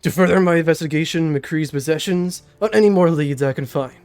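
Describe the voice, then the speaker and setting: A stern old male mage, as a young man puts him on for a tabletop game, slow and grave, with a groggy edge over a fairly high natural voice. Faint music plays underneath. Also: darkish tone, smooth, natural voice. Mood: solemn. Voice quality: slightly lowered, groggy-sounding voice. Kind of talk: game master voicing a character.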